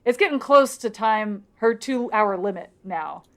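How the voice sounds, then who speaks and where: A woman co-hosting a casual podcast, retelling a book's plot and slipping into quick quoted voices. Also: medium pitch, expressive. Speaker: podcast co-host. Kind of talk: casual book recap chat.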